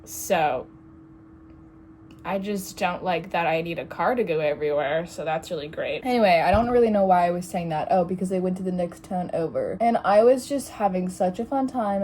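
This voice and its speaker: Hoarse young woman rambling sarcastically. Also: fairly low pitch, moderate pace, dark tone, slight background noise. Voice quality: raspy. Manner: rambling, sarcastic, easily sidetracked. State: hoarse from recent illness. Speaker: vlogger. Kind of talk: casual rambling vlog. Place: small bedroom at home.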